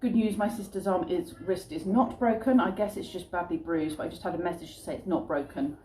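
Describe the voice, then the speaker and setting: A middle-aged British woman from the UK chats casually to camera at home, rambling with little asides about her family's day. Her voice is on the low side and warm, a little fast, with a reverberant sound and slight background noise.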